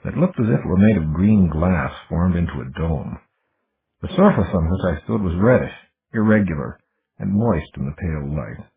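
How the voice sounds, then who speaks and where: Brief: low, gravelly man, animated and wry, reading a novel on a tinny lo-fi recording. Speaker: audiobook narrator. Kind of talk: first-person novel narration.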